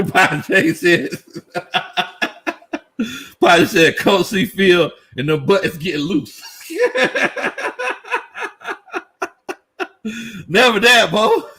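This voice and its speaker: A man in middle age hosts a relaxed sports live stream, chatting to his viewers. His voice sits slightly high and swings widely in pitch. He laughs often and talks in easy slang. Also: drawn-out words, long pauses, husky. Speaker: sports show host. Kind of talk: casual live-stream chat reading comments.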